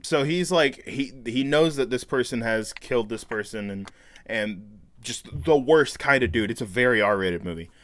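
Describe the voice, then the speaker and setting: A man's voice: mid-range voice, normal speed, fairly bright tone. A man co-hosting a podcast in casual chat, telling meandering stories over a video call. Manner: chatty, meandering storyteller. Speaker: podcast co-host.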